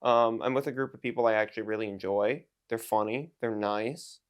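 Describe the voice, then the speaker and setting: A man's voice: lowish voice, brisk, clean tone. A man in his twenties, talking to camera in a rambling, self-mocking, jokey vlog rant. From United States. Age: 20s. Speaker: YouTuber and streamer.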